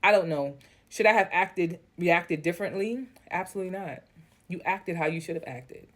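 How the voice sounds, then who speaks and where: At a normal speed and in a fairly low-pitched voice, a woman reads an online post aloud. She works as a story reader and commentator, cutting in with blunt, candid remarks and free swearing.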